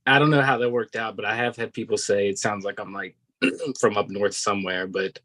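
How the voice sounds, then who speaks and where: A man from Virginia with a Southern accent, talking low and in a flat, even tone. He chats over a video call at an easy pace, laid-back and hesitant, with plenty of ums and uhs. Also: a little fast, crowd noise, low-quality recording. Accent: Southern American. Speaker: guest artist. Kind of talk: casual chat on a video call.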